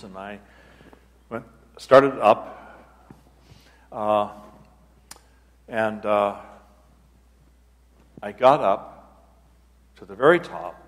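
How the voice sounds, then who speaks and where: Man, abbot, retreat talk, storytelling, fairly low voice, unhurried, halting, long reverb of a large church hall. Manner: unhurried, halting, restarts phrases.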